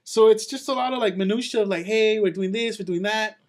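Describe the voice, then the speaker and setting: In casual podcast chat, a high-voiced male co-host tells a story a little fast. He is an animated storyteller who acts out the voices of the people he quotes.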